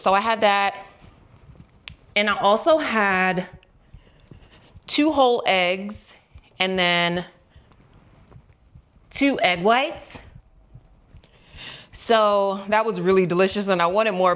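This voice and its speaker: A young woman chats playfully to her camera at home, rambling through her day while chewing gum. Her voice sits at an ordinary middle pitch, loose and casual. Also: fairly bright tone. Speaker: vlogger.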